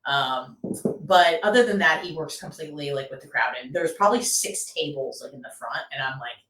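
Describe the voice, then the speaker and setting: A woman co-host tells a long, lively story in relaxed chat, leaning on fillers as she goes. Her voice sits a little low. She sounds far from the mic in a roomy space. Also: a little fast. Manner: animated storytelling, many fillers. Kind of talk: casual chat.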